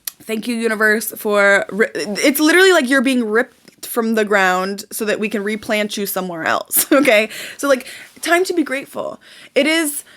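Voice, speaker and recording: A young adult woman giving a casual motivational talk about manifestation, swearing freely and acting out excited quotes. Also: on the high side, moderate pace. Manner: animated, swearing, acts out quotes in excited bursts. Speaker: manifestation vlogger.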